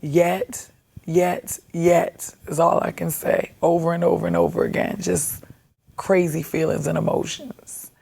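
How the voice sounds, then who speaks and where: A woman candidly recounting her own life in a documentary, halting and reflective, with music behind her. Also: on the low side, level tone, vocal fry, warm tone, breathy edge. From Baltimore, USA. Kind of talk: personal documentary testimony. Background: background music.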